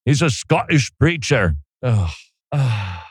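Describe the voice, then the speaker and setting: A man's voice: mid-range voice, big pitch swings, slow pace, slightly rough, dry recording, clean studio sound. A man hosting a talk radio show, chatting casually with joking, self-deprecating asides.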